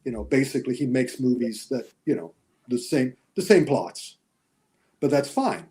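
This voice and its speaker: An older man, a guest critic, explaining movies in a measured casual chat. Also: mid-range voice, expressive, warm tone.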